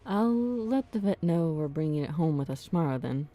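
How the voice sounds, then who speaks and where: A woman reading the lines of a gentle young male character from a visual novel in a soft, reassuring way. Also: deep voice, expressive, moderate pace, soft background music.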